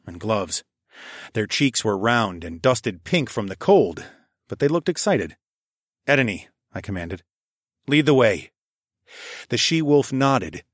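Calm man narrating an audiobook. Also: mid-range voice, dry recording, studio quality. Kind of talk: first-person audiobook narration.

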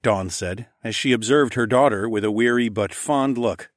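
A man narrating a first-person fantasy audiobook, lively and casual, giving the characters their own voices. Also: mid-range voice, normal speed, dry recording, studio quality.

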